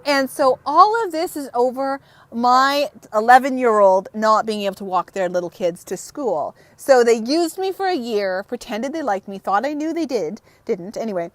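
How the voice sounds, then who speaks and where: A woman's voice: on the high side, lively intonation, normal speed, hardly any pauses, no echo. A woman in her thirties chatting frankly in an unedited vlog, rambling and close to tears, with some swearing. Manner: emotional, on the verge of tears. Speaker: vlogger. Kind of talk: unedited casual vlog chat.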